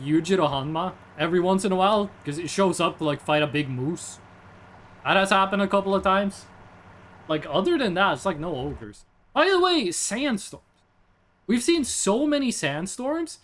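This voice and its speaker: Jokey streamer, high lively voice. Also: male voice, moderate pace, a little hiss or hum. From Norway. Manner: rambling, jokey, reacts to chat. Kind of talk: casual live-stream chat.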